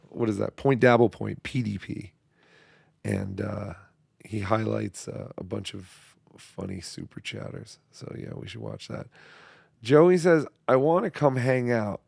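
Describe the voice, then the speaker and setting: A hoarse man who is losing his voice hosts a casual livestream chat, reading viewer messages in a profane, mumbling, self-deprecating way. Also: medium pitch, no room sound, clean studio sound. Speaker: show host.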